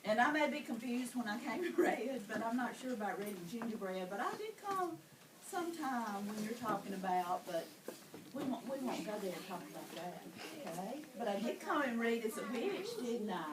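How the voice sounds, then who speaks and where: Sixty-something grandma teasing little kids, playing pirate, high voice, far off mic in an echoey classroom. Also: female voice, animated, normal speed, a crowd in the background. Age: 60s. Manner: teasing, coaxing, plays a pirate. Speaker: visiting grandmother reading to schoolchildren. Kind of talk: playful classroom talk with children. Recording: echoey room, far from mic, loud noise.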